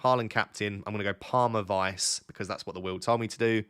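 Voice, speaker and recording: A young man with a slightly low voice chatting casually on a late-night live stream, lying in bed at home. He teases his viewers and keeps up a running, easygoing banter. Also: steady tone, quick pace, fairly bright tone, smooth. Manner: chatty, teasing, talks to chat. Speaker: fantasy football streamer, host.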